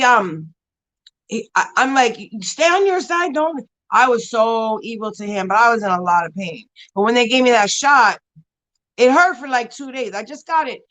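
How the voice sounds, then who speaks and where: On a low-quality recording, a woman with a slightly high, somewhat bright voice runs a casual beauty live stream. She rambles through viewer chat and questions, full of filler words and frequent laughter.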